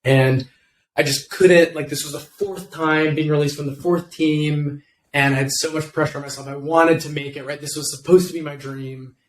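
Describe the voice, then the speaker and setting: A man's voice: fairly high pitch, steady tone, moderate pace. A young man, a guest in an interview, casually telling a personal story in a laid-back, slangy way full of fillers. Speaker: interview guest, former football kicker. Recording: roomy with faint background noise.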